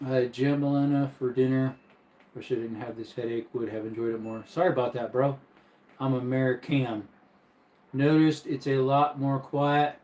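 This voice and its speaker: A man's voice: mid-range voice, little pitch movement, normal speed, darkish tone, reverberant, rough recording. A man casually hosting a live stream from his bedroom, easygoing and chatty as he reads viewer comments and laughs often. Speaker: livestream host.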